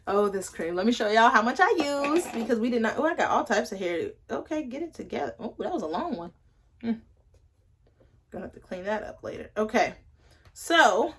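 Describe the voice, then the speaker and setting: Young female vlogger, bright-ish pitch, loose and talkative, home review vibe. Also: lively intonation, brisk. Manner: chatty, rambling, playful asides to viewers. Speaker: hair care vlogger. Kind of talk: casual product review.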